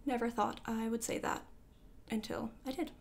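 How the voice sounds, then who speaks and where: A woman recording a casual voiceover for her vlog, talking quickly and rambling, with self-deprecating asides and many fillers. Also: fairly high pitch, fairly even intonation, creaky. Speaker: artist giving a sketchbook tour. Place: home art studio. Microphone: voiceover microphone.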